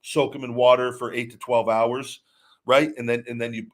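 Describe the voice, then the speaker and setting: A man's voice: medium pitch, little pitch movement, normal speed. A man hosting a livestream, talking casually and rambling, with lots of repeated words and restarts as he answers viewer chat questions. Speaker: podcast host.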